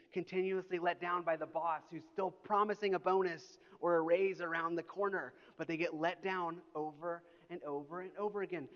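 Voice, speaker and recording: Man, pastor, lively sermon, high-pitched, long church reverb, slightly dull sound. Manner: animated storytelling, mock-indignant. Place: church auditorium.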